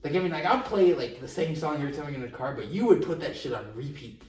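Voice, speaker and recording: A man's voice: on the high side, animated, fast talker, a little mellow. A young man co-hosting a podcast in casual chat, teasing and blunt with plenty of slang. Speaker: podcast co-host. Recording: roomy echo, far from mic, faint noise.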